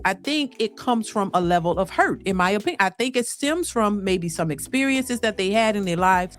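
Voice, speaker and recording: A woman hosting a reaction video, offering measured, thoughtful opinions. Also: mid-range voice. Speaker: reaction channel host. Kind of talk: reaction commentary.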